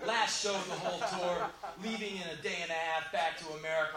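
A man telling spoken word stories, animated, bursting into shouted impressions and mock laughs. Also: high voice, a little fast, a crowd in the background. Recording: roomy echo.

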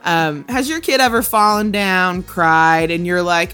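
A woman's voice: lowish voice, measured pace, few pauses, fairly bright tone, smooth, soft background music. Blunt, swearing woman co-hosting a podcast. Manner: blunt, profane storytelling with quoted outbursts. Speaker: podcast co-host. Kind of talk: casual chat.

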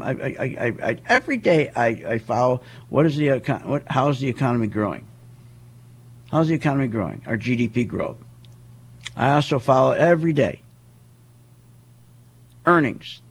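A man's voice: mid-range voice, gravelly, husky. A man giving a heated, repetitive monologue as a market commentator, firing off rhetorical questions. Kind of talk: ranting monologue.

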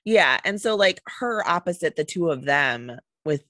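A podcast co-host in casual chat who agrees a lot and often breaks in with quick replies. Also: medium pitch, lively intonation, bright, forceful tone, no echo. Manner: agreeable, frequent backchannel replies.

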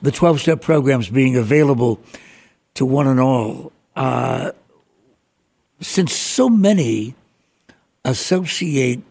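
A man interviewing a guest, asking his questions slowly and deliberately. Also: medium pitch, lively intonation, creaky, a little mellow, breathy edge. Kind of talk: conversational interview.

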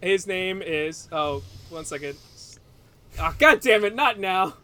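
A man with a fairly high voice chats loosely on a podcast, circling back with "so basically" and tossing in swears. He laughs often and keeps it casual. A faint hiss sits under the voice. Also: expressive, slow pace, sharp tone. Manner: rambling, laughing, swears freely. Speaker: podcast co-host.

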